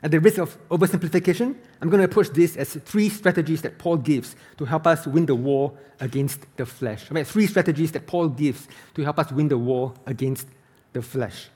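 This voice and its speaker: Husky-voiced man preaching a sermon. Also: on the high side, moderate pace, a little mellow. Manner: earnest, emphatic preaching with scripture readings. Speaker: pastor.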